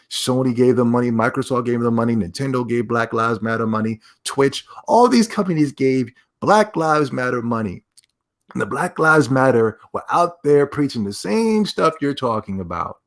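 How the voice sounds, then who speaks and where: Emphatic rambling male streamer. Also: mid-range voice. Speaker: streamer commentator. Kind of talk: casual commentary.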